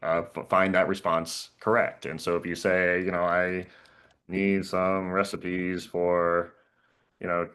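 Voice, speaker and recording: A man on a video call panel explaining a tool in a casual, halting way, often repeating words and chuckling. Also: sits low, a bit bright. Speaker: panelist and professor.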